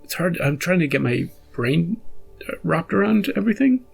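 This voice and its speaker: A man's voice: fairly high pitch, animated, moderate pace, vocal fry, a little mellow, slightly rough, soft background music. A man hosting a reaction video, chatting casually and rambling after an episode, often restarting and chuckling.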